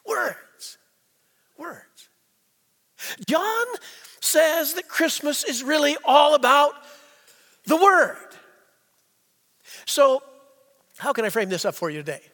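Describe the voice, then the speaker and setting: A male pastor delivers a sermon in a very high, bright voice. He leans on rhetorical questions and stretches out key phrases, dropping to near-silence and then rising again. The sound carries a long reverb from the church hall. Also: sing-song. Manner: rhetorical questions, slows for emphasis, swings between quiet and loud. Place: church sanctuary.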